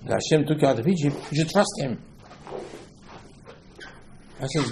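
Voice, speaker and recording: A man's voice: medium pitch, normal speed, pauses often, warm tone, a little hiss or hum, low-quality recording. A man teaching a Torah lesson, telling the story with acted quotes and a string of rhetorical questions. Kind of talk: animated Torah class.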